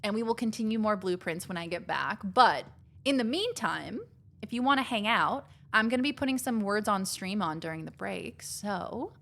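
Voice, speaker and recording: A woman's voice: medium pitch, animated, moderate pace, vocal fry, fairly bright tone. A woman chatting casually while live-streaming a game, rambling and filling her talk with "like".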